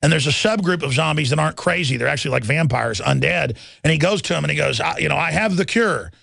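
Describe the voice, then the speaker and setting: A man's voice: fairly high pitch, expressive, fast talker, creaky, pushed and bright, no room sound. A man hosting a radio talk show in a studio, delivering a rambling, combative monologue and mocking his critics in put-on voices. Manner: combative, mocking, swerves into sneering impressions of critics.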